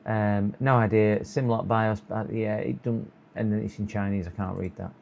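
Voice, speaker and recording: Tired gravelly man. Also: lowish voice, fairly even intonation, normal speed, a little mellow, lo-fi sound, slight background noise. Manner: muttering to himself, chuckling, hopeful coaxing. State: sore throat. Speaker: electronics repair live streamer. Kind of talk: casual live-stream commentary while working.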